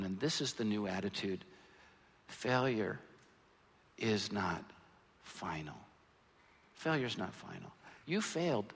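A man preaching a sermon as pastor, earnest, moving between quiet lines and loud emphatic ones. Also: medium pitch, gravelly, slightly rough. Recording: long hall reverb.

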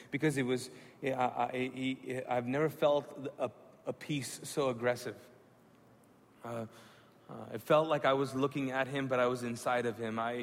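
A man preaching a sermon, telling a personal story with animated acted-out dialogue and hushed moments. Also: medium pitch, in a large hall, a little hiss or hum. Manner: animated, acts out dialogue with rising excitement then hushed reverence. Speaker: pastor.

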